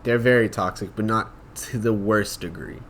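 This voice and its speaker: A man's voice: on the low side, fairly even intonation, moderate pace, a bit bright. A young man co-hosting a casual podcast, speaking bluntly and emphatically. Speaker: podcast co-host. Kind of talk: casual chat.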